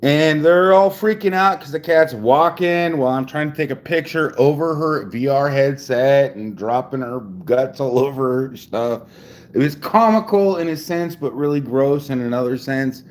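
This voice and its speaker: At home, a male vlogger in his forties speaks at a moderate pace and medium pitch. His casual talk is rambling and profane, full of swearing, and he restarts often.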